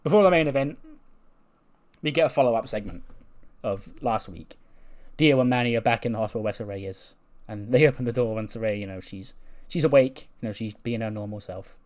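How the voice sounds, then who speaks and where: A man's voice: fairly low pitch, a little fast. Laid-back guy recapping a game. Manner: relaxed, rambling, loose slang. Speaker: let's-play host. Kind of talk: casual game recap narration.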